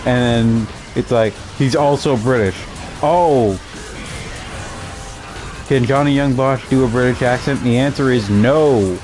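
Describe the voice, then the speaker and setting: A man's voice: mid-range voice, fairly even intonation, normal speed, hardly any pauses, music in the background. A young adult man giving casual, rambling gaming commentary, full of fillers and amused asides.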